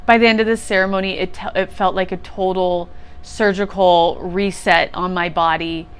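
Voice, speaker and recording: A woman's voice: lowish voice, fairly even intonation, moderate pace, clean tone. Woman guest, heartfelt storytelling, voice moved and sincere. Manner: emotional, earnest, laughs through tears. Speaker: guest sharing a retreat testimonial. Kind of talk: personal storytelling.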